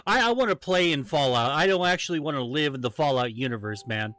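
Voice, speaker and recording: A man's voice: on the high side, lively intonation, fast, fairly bright tone. A man hosting a podcast in casual chat, ranting and joking with heavy swearing. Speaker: podcast host.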